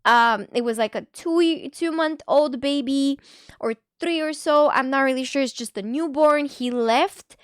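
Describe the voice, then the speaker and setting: A woman streamer chatting casually on a live stream, giggly and quick with asides, leaning on "like" a lot. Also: high-pitched, dry recording, studio quality.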